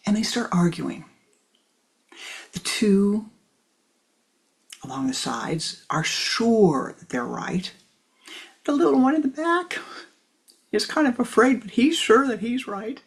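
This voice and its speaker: A woman spiritual teacher telling a parable in a slow, gentle storytelling manner. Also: fairly high pitch, expressive.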